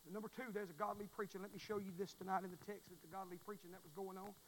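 A man in his forties with a Southern US accent, preaching a sermon in a folksy, emphatic way. He repeats his points and swings between hushed asides and near shouting. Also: high voice, steady tone, very fast, slight background noise, rough recording. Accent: Southern US (Mississippi).

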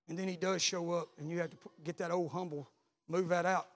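A man, a pastor preaching a sermon, telling a story and then building to loud repeated calls. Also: sits high, steady tone, fast talker.

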